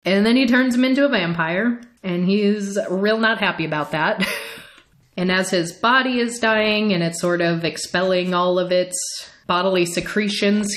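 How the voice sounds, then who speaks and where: A young adult woman hosting a podcast in a chatty, wry book discussion, laughing often. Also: lowish voice. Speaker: podcast host.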